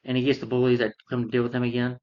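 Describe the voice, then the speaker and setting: A man's voice: mid-range voice, flat delivery, racing, lo-fi sound. A man retelling a film's plot in a casual, rambling way, full of fillers and restarts. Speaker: film reviewer.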